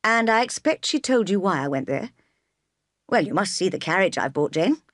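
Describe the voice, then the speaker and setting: Woman reading a teasing gentleman, brisk, wry, dry recording. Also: medium pitch, big pitch swings, no echo, lightly acted. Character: teasing brooding gentleman, middle-aged man.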